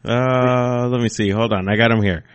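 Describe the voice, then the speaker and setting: A man co-hosting a casual podcast, teasing and quick to laugh. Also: mid-range voice, fairly even intonation, clear, resonant tone, dry recording. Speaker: podcast co-host.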